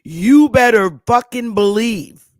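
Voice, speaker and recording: A woman's voice: fairly high pitch, lively intonation, takes it slowly, dry recording, studio quality. A woman host delivering an impassioned commentary monologue, blunt and emphatic, with frequent profanity.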